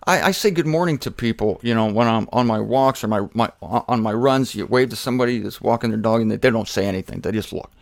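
A man teaching the Bible in an informal, conversational way, shifting between emphatic bursts and quiet asides and speaking straight to his listeners. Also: lowish voice, fast talker, vocal fry, hardly any pauses, no room sound, studio quality. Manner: conversational, jokey, addresses listeners directly. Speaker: preacher.

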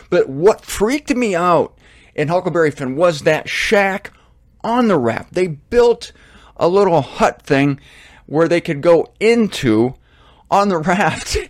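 A middle-aged man tells a meandering story in a casual monologue, often correcting himself mid-thought. His voice sits a little high for a man. The sound is dry and close, with no room around it. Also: no echo. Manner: rambling, self-correcting, animated asides. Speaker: host.

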